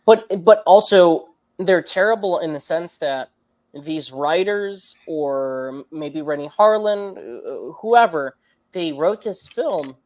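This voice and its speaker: Rambling casually with many fillers and restarts, this movie review podcast co-host takes things slowly. His fairly high voice has a slightly mellow quality.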